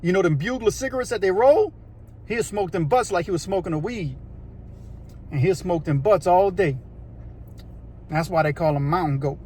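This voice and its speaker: A man telling a prison story in a casual, animated, slangy way, acting out voices and sounds. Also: high-pitched, normal speed, pauses often, breathy edge. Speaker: storyteller recounting prison life.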